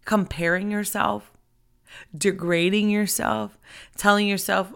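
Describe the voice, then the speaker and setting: A woman giving an impassioned, conversational devotional talk into a microphone, her fervent delivery rising to shouts. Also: medium pitch, steady tone, normal speed, creaky. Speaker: ministry preacher. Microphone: handheld microphone.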